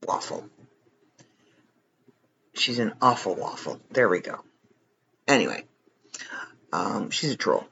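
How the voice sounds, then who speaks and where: A man's voice: mid-range voice, dull audio, a little hiss or hum. Tired, rambling man hosting a podcast. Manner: rambling, self-deprecating, chuckles often. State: tired late at night. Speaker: podcast host. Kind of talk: casual chat.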